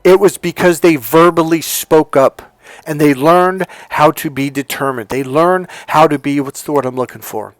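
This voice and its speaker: A middle-aged man coaching with blunt, profane emphasis, swinging from loud commands to low asides. His voice sits a little high for a man. It sounds dry and close, with no room echo. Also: normal speed. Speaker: dating and relationship coach. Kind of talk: emphatic motivational monologue.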